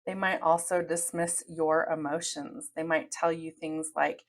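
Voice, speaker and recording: Low-voiced woman giving earnest advice. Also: level tone, measured pace. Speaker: podcast host. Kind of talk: advice monologue.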